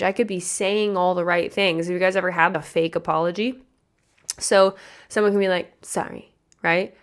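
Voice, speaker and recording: A young woman hosting a motivational podcast as a pageant coach, chatty and energetic, often asking her listeners questions. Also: mid-range voice, smooth. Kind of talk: motivational solo podcast talk.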